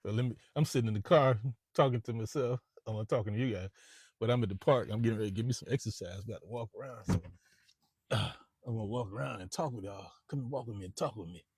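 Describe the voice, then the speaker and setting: Brief: man, real estate agent, loose chatty vlog rambling, mid pitch, dry close sound in a car. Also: a little mellow, breathy edge, no room sound. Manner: rambling, repeats words, chatty. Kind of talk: casual vlog monologue. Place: inside a parked car.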